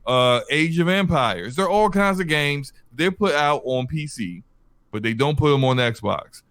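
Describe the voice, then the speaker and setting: A man's voice: a little high, expressive, a little slow, a bit bright, clean tone, no room sound. A man hosting a gaming podcast, making his case point by point with many restarts. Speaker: podcast host. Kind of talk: casual podcast discussion.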